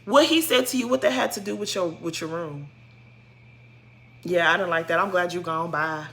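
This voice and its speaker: A woman giving a casual, sassy recap of a reality show, scolding a cast member in animated slang. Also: on the low side, moderate pace, gravelly. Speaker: show commentator.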